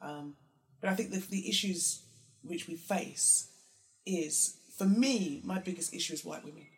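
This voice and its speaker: A woman speaking candidly in a conversation, animated and acting out others' words in voices. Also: a little slow, soft background music. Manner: animated, acts out quotes in high mocking voices.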